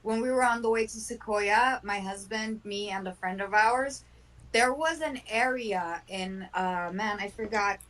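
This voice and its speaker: A woman chatting casually, easygoing and quick to laugh. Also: mid-range voice, a bit bright, far from the mic, poor audio. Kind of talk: casual chat.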